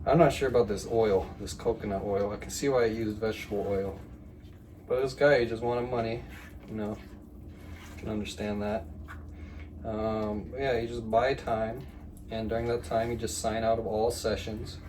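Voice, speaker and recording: A man's voice: lowish voice, steady tone, moderate pace, a little mellow, far from the mic, a little hiss or hum. A man vlogging in a home kitchen, telling a story and giving tips in a rambling, chatty way with lots of fillers while he cooks. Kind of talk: casual talk while cooking. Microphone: phone set at a distance.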